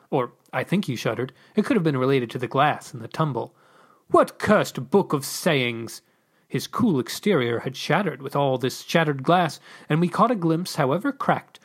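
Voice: medium pitch, husky. A podcast host reading their own story aloud. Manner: animated narration.

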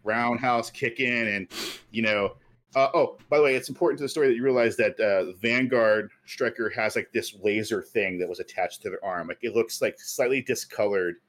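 A man's voice: fairly low pitch, normal speed, fairly bright tone. A man co-hosting a podcast, telling a story at length in casual chat with many fillers. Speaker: podcast co-host.

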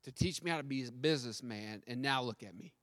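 A man's voice: mid-range voice, quick pace, a bit bright, lightly acted. Man playing a frustrated young go-getter who stammers, long hall echo. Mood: exasperated. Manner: stammering, exasperated. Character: eager young male businessman, growing frustrated.

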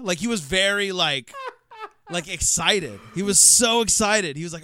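American man, podcast co-host, relaxed anecdotes, smooth clear voice, dry close sound. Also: high-pitched, moderate pace, no echo. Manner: relaxed storyteller, sharing anecdotes. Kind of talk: casual film podcast chat.

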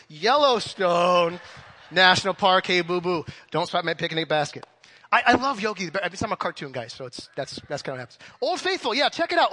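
A man in his thirties preaching in a large church, energetic and joking, asking the crowd questions. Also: sits high, long reverb tail. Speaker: pastor. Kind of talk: sermon.

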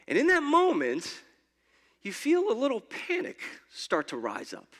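A high, bright male voice preaches a conversational sermon, restarting and repeating words as he goes. His voice carries through a church with a long hall reverb. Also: wildly swooping pitch, a little slow. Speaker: pastor.

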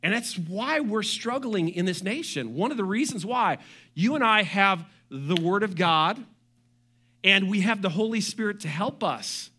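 High-voiced, bright animated male pastor. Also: unhurried. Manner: animated, joking asides and quoted voices. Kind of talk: sermon.

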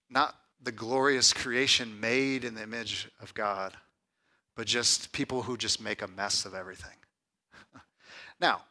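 A man preaching a conversational sermon, often asking "right?" and building to loud, emphatic lists. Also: medium pitch. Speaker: pastor.

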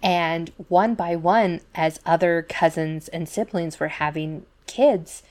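A woman with a deep, low-pitched voice chats casually as a podcast co-host. She rambles through stories full of "like" and "you know" and slips into the voices of the people she quotes. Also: slow, a little mellow. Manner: chatty storytelling full of fillers and asides; acts out quoted voices in retellings. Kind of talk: casual chat.

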